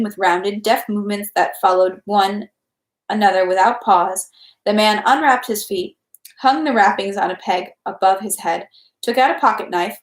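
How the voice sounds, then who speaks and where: A woman reading a novel aloud at home, in a measured, unhurried way. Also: medium pitch. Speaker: audiobook reader. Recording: echoey room.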